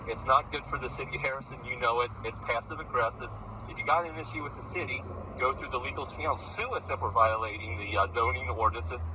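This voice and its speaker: A man's voice: mid-range voice, fast talker. A man in a heated outdoor argument, blunt and angry, repeating himself. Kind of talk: heated doorstep confrontation. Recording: outdoor recording from a distance with street noise.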